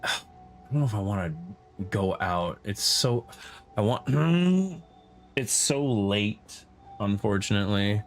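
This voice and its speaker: Gravelly, muttering man gaming. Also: sing-song, slow pace, soft background music. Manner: low, muttering, laid-back. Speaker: gamer. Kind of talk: casual gameplay commentary.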